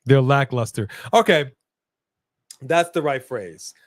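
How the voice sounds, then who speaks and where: A man's voice: medium pitch, lively intonation, slow, no room sound. Chill guy chatting on a live stream, mid voice, dry close sound, keeps repeating himself and laughing. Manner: laid-back, laughs often, repeats phrases. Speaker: co-host of a wrestling watch-along stream. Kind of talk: casual live-stream chat reading super chats.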